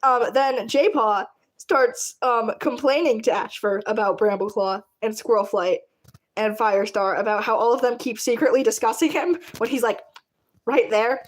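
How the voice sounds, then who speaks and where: High-pitched girl rambling and giggling while she draws, lots of ums. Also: normal speed. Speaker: video creator. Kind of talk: casual storytelling while drawing.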